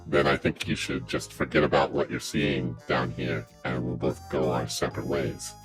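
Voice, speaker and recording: A man's voice: extremely low pitch, little pitch movement, normal speed, faint music behind, voice pushed down. A man voicing a masked, armored thief whose voice comes muffled through a voice modulator, curt and menacing. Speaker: game master voicing a villain.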